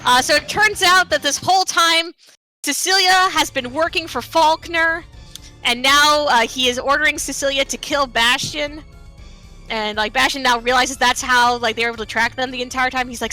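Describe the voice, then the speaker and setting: A woman speedrunner narrates her live game run in a loose, chatty way, full of fillers and playful asides. Her voice is high and bright. The talk is easygoing and conversational. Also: steady tone, moderate pace, soft background music. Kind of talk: casual live game commentary.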